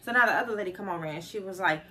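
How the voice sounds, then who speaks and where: A woman's voice: mid-range voice, very fast, sharp tone. A young woman vlogging casually, telling a story and acting out the quoted dialogue with lots of animation.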